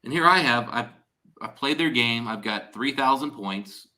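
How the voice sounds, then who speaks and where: Bright-voiced chatty man. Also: mid-range voice, animated, moderate pace. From Ohio, USA. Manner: chatty, rambling, frequent restarts. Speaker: stream host. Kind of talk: casual chat on a live stream.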